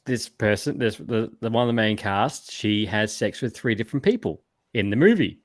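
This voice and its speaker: A man's voice: fairly low pitch, expressive, normal speed, no room sound, clean studio sound. Rambling man ranting on a call. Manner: rambling, ranty, swears. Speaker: podcast host. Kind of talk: casual chat. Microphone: video call.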